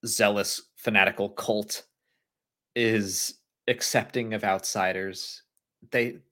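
A man co-hosting a live stream, chatting casually, laughing often and reading out viewer messages. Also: fairly low pitch. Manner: animated, laughs often, reads super chats aloud. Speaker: podcast co-host.

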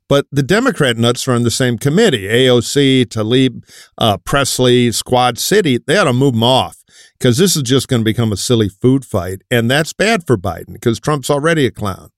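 A man's voice: medium pitch, animated, moderate pace, no room sound, studio quality. Wry opinionated man hosting. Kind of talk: panel discussion.

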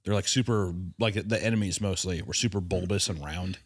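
A man's voice: deep voice, brisk, dry recording, clean studio sound. A man hosting a podcast in casual chat, rambling and teasing his friends with frequent laughter and swearing. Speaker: podcast host.

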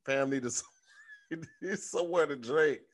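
A man co-hosting a comedy podcast, talking in an animated, slangy way and reading an ad casually. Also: a little high, measured pace. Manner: animated, slangy, repeats words for comic effect. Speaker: podcast co-host. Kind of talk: casual chat and host-read ad.

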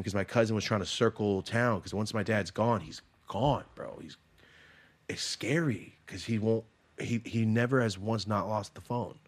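A man's voice: on the low side, normal speed. A man in his thirties telling a personal story in a casual chat, blunt and full of swearing. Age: 30s. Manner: profane, blunt, emotional storytelling. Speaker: podcast host.

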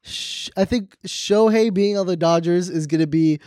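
Young male podcast co-host, high voice, dry close mic, lively storyteller who laughs a lot. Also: normal speed, no room sound. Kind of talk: casual chat.

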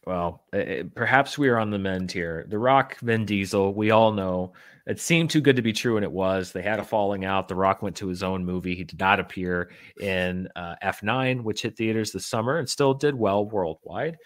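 Male podcast host, slightly low voice, casual and wry, talks with plenty of ums and restarts. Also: moderate pace. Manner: joking, wry, with many fillers and restarts. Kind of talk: casual chat reading news.

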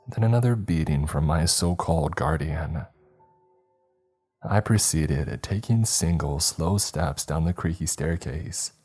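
Very deep husky male horror narrator. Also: a little mellow. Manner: measured, somber storytelling.

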